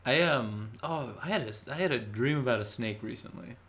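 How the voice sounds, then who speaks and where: A man's voice: medium pitch, expressive, moderate pace, a bit bright. A man co-hosting a podcast in casual chat, easygoing and dropping dry wisecracks. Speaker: podcast co-host.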